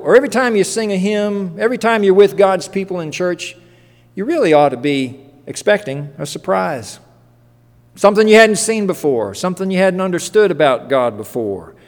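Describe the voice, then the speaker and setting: Older male pastor, chatty sermon delivery, slightly higher voice, church hall reverb. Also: a little mellow. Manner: conversational storytelling with asides.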